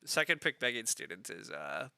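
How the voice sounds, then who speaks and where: A man's voice: mid-range voice, very animated, moderate pace, pushed and bright, clear, resonant tone, no room sound. A man streaming a board game live, thinking aloud in a chatty way with lots of fillers as he weighs his picks.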